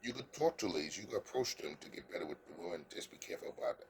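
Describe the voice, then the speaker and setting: Low-voiced and animated, a man gives the camera casual dating advice in an earnest coaching manner, though he often stumbles and repeats words haltingly. He keeps asking "you understand?" A little hiss or hum sits under the audio.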